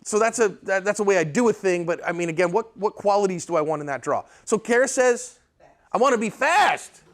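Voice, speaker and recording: A man with a notably high speaking voice lectures a room of pistol students. He talks bluntly and with emphasis, and keeps checking that the class is following him. It sounds like a live classroom lesson rather than a script. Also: fast. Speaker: firearms instructor.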